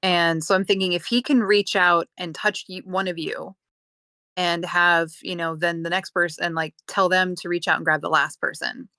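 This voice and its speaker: Lower-voiced woman tabletop player. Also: fairly even intonation, moderate pace, sharp tone, no room sound, studio quality. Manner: argues her case with reasoning, fillers. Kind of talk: tabletop game play, casual.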